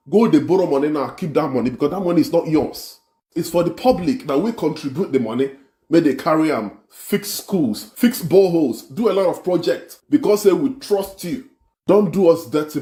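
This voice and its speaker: A man's voice: a little high, lively intonation, brisk, a little mellow, roomy sound. A man with a Nigerian accent scolding and boasting in a social media video rant. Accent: Nigerian Pidgin-inflected English.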